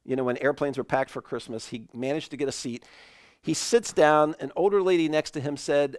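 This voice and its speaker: A man preaching an online sermon in a relaxed, conversational way, telling a family story with animated asides. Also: a little high, fairly quick, no echo, studio quality. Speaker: pastor.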